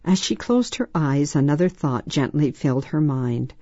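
A woman reading a children's story aloud in a measured, soft storytelling manner. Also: sits low, lively intonation, no room sound, muffled recording. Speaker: narrator.

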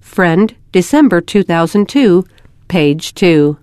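A woman's voice: on the low side, lively intonation, slow pace, a little mellow, clear, resonant tone, no room sound, clean studio sound. A woman reading a children's story aloud, lifting her voice for the children's lines. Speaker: reader.

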